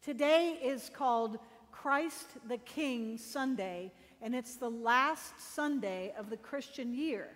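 Woman pastor, high voice, unhurried sermon delivery, long reverb of a church. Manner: slow, deliberate storytelling with dramatic pauses.

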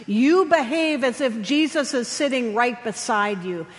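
A woman chaplain preaching a sermon, telling stories gently with slow, emphatic pauses. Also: on the high side, expressive. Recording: long hall reverb.

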